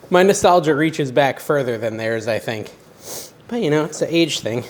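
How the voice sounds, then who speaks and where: A man's voice: fairly high pitch, a little slow. A man in his forties hosting a casual cooking vlog from his home kitchen, chatting and joking at himself as he goes. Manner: rambling, chatty, self-joking. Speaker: cooking channel host.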